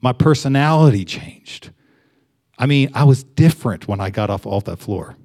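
Young male pastor, relaxed conversational sermon, stumbles and restarts. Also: mid-range voice, moderate pace. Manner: conversational, with many fillers and restarts.

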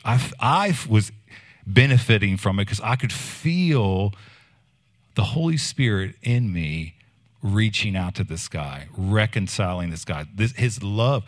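A man preaching a sermon in a conversational, animated storytelling way, with many fillers and restarts. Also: fairly low pitch.

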